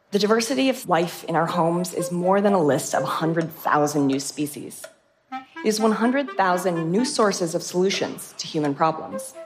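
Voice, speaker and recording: A woman microbiologist telling vivid, enthusiastic stories about her research. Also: fairly low pitch. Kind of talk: storytelling talk, stage and interview.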